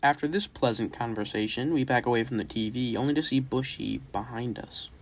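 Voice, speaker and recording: A man's voice: mid-range voice, brisk, heavy background noise. A man giving casual, enthusiastic commentary as a gaming YouTuber walking through a horror game.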